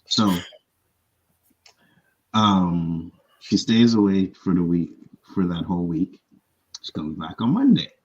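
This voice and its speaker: A deep, husky-voiced man spins a workplace story on a panel talk show. He is animated and swears freely. The sound is a little dull and lo-fi. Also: slow pace, pauses often. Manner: animated storyteller, profane, acts out others' lines. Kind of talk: casual chat.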